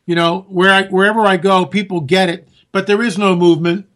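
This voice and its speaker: A man's voice: high-pitched, steady tone, a little fast, a bit bright. A man hosting a political talk radio show, ranting and sarcastic, talking straight to his listeners. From California.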